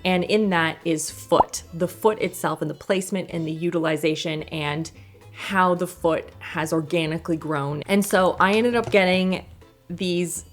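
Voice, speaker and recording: A woman's voice: on the low side, unhurried, faint music behind. A woman casually talking through products she uses at home in a chatty, rambling way, laughing often between thoughts. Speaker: lifestyle vlogger.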